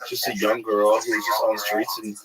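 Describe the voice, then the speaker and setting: A man's voice: on the low side, brisk, a loud crowd, poor audio. A middle-aged man hosting a podcast, chatting casually and telling stories with swearing. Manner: profane, animated storytelling. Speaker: podcast host. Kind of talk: casual chat.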